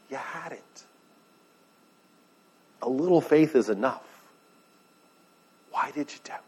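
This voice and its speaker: A man's voice: medium pitch, darkish tone. A man preaching a sermon in a conversational way, asking the listeners questions and retelling scripture in everyday words. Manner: conversational, asks the room questions. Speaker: pastor.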